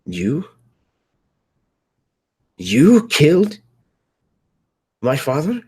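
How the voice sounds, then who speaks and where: A man's voice: lowish voice, fairly even intonation, extremely slow, darkish tone. A man playing a grief-stricken young man who confronts his father in a strained, raw voice. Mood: anguished.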